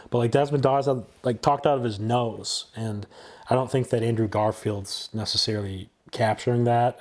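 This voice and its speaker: With a medium-pitched, slightly mellow voice, a man in his twenties who hosts a channel reviews a film casually. His opinions come out blunt, and his delivery is somewhat halting.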